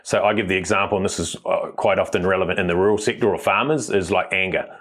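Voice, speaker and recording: A man, a mindset coach, explaining ideas as a guest in a podcast interview, quick and emphatic, with stories from the farm. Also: sits low, fairly even intonation, fairly bright tone.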